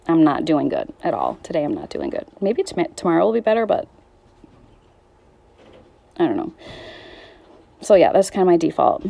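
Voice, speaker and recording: A woman's voice: on the low side, lively intonation, normal speed, creaky, long pauses, warm tone. A woman in her thirties talking candidly in a personal vlog, weary and struggling, rambling and trailing off mid-thought. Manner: raw, rambling, restarts and trails off. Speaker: vlogger.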